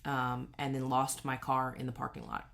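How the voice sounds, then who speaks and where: A woman's voice: a bass voice, level tone, moderate pace, gravelly, a bit bright. A woman, telling a personal story in a casual, rambling way with many self-corrections. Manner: rambling, self-correcting, acts out quoted voices. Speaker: cross-stitch vlogger.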